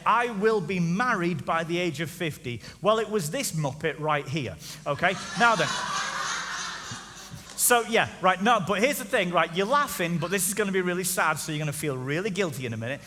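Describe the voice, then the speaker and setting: A pastor with a high, bright voice that rings through a church hall with a long echo. He preaches in a jokey, teasing way and keeps asking the crowd questions. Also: expressive, normal speed, a little hiss or hum. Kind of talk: comedic sermon. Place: church auditorium.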